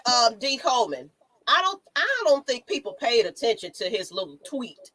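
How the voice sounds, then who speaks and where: Chatty woman cohost, kinda high voice, plays out reactions, dry sound. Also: normal speed, breathy edge, dry recording, low-quality recording. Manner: animated, laughing, acts out reactions. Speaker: sports show co-host. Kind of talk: casual sports talk.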